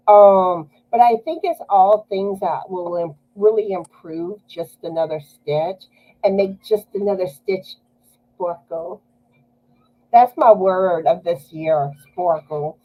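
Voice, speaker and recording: Hosting a casual knitting live stream, a woman with a South Louisiana Cajun accent laughs frequently and drags out her filler words. She has a mellow, mid-range voice, and the audio is poor.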